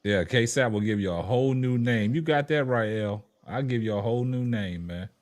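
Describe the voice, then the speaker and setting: A man's voice: mid-range voice, normal speed. A man hosting a casual sports talk show, upbeat and repeating his catchphrases. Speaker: podcast host.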